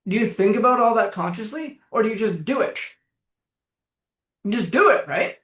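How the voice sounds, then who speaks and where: A man's voice: sits high, lively intonation, normal speed, a bit bright, reverberant. A man coaching viewers through anxiety and panic on a live stream, blunt, casual and emphatic, with the odd swear word.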